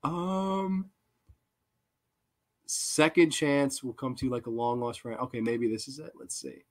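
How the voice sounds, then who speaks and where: Male review host, excitable, profane, laughs easily, casual delivery. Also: medium pitch, a little slow. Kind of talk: casual unscripted movie review.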